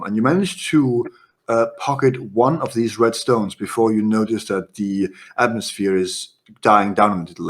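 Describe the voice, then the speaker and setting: A man narrating a tabletop horror game as game master, in a lively, casual way. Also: on the low side.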